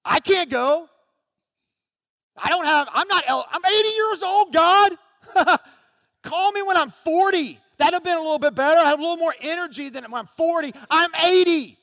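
A frantic eighty-year-old Moses pleads and protests in a high, strained voice, as a preacher puts him on. He sounds flustered and whiny. The voice rings out with a long hall reverb. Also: drawn-out words, few pauses, bright, forceful tone, studio quality, exaggerated voice. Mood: panicked.

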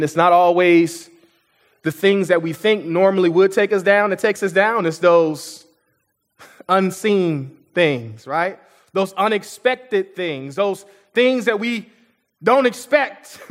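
A man's voice: extremely high pitch, a bit bright, long reverb tail. A male pastor preaching a sermon in a church auditorium, in a conversational way with repetitions and asides to the congregation.

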